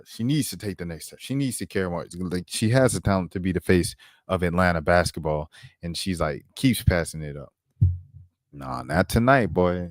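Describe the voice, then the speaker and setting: Deep-voiced man, laid-back slangy sports talk. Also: a little mellow, no echo, studio quality. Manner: slangy, laid-back, says bro and dog often; multitasking, pulling up clips while talking. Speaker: sports commentary host. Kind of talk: casual basketball commentary stream.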